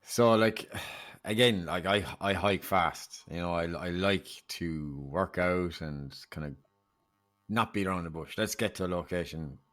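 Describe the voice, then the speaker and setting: A man's voice: deep voice, measured pace, a bit bright. An Irish man, a podcast guest, telling a story in casual chat and acting out the dialogue. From Ireland.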